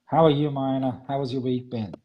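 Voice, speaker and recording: A man's voice: medium pitch, fairly even intonation, brisk, lo-fi sound, background noise. A man hosting a casual radio chat, teasing his guest and greeting listeners by name. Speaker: host.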